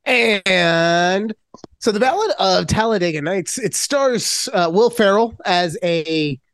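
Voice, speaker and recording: A woman's voice: mid-range voice, lively intonation, takes it slowly, no echo. A woman co-hosting a podcast in casual chat, teasing her friend and mimicking voices. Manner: playful, teasing, with exaggerated mimicry. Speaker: podcast co-host.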